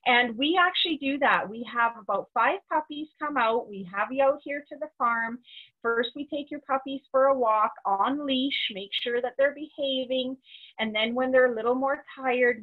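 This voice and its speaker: A woman dog trainer talks through a webinar lesson in a practical, instructive way. Her voice sits fairly high. The audio is thin and phone-like. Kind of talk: webinar teaching.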